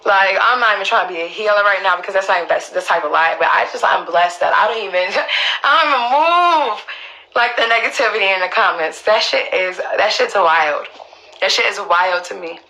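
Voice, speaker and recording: A woman's voice: medium pitch, lively intonation, a little fast, vocal fry, pushed and bright, poor audio. A woman on a live stream, talking emotionally and emphatically, swearing and repeating herself for stress, often asking listeners if they understand. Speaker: livestreamer speaking up for her mother.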